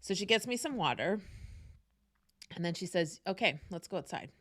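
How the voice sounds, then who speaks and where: A woman telling a story from her own life in a loose, casual podcast monologue. Her voice sits a little low for a woman. She speaks frankly, swears freely and keeps breaking off into asides. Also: moderate pace. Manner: candid and profane, lively storytelling with frequent asides. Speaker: podcast host.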